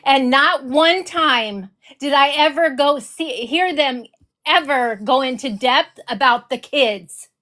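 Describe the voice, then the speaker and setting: A woman's voice: high voice, slow, pushed and bright. A woman hosting a reaction video, ranting furiously in heated commentary, swearing and repeating her accusations. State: enraged.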